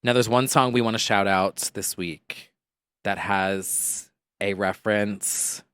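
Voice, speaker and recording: A man's voice: on the low side, fairly even intonation, slow pace, fairly bright tone, clean tone, dry recording, studio quality. A man co-hosting a pop culture podcast, chatting in a playful way and laughing often. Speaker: podcast co-host. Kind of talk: casual chat.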